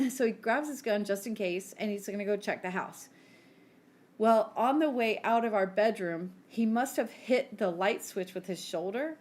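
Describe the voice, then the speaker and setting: A woman in her thirties, co-hosting a podcast, telling stories in animated casual chat and acting out the quotes. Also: mid-range voice, normal speed, a little hiss or hum. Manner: animated storyteller who acts out quotes. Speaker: podcast co-host.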